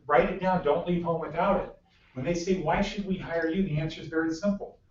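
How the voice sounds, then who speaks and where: A man's voice: fairly high pitch, steady tone, a little fast, a little mellow. Man, instructor, blunt questioning, classroom, echoey room, faint hiss. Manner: blunt, drills students with repeated questions. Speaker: job skills instructor. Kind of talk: classroom teaching. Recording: echoey room mic from far off, muffled.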